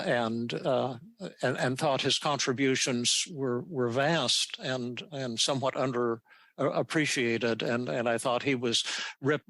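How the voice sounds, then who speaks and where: An older man hosting a podcast tells a story in a casual, halting way. He restarts often and repeats words as he goes. His voice sounds bright and forward, and the recording is close and dry with no room echo. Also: mid-range voice, creaky. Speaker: podcast host answering listener questions.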